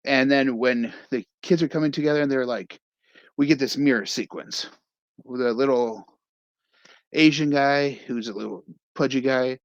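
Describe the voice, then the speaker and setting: A man's voice: mid-range voice, no echo, highs cut off. Rambling young man recapping a movie. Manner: rambling, acts out scenes with quoted lines. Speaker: movie review host.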